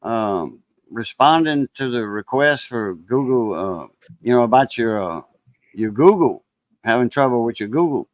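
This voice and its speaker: A man's voice: mid-range voice, expressive, measured pace, no echo, muffled recording, natural voice. A man voicing an insistent male phone scammer who keeps pressing a caller.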